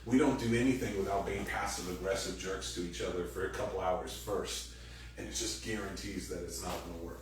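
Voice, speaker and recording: A man giving a sermon as pastor, animated and conversational, acting out quoted voices loudly. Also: low voice, fairly quick. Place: church hall. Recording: very echoey room, distant mic, faint noise.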